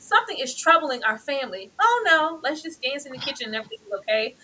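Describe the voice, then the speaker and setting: Female co-host, bright and high, animated and emphatic TV recapper. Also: quick pace, poor audio. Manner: animated, emphatic, acts out characters' lines. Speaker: co-host of a TV review show. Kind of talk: casual review chat.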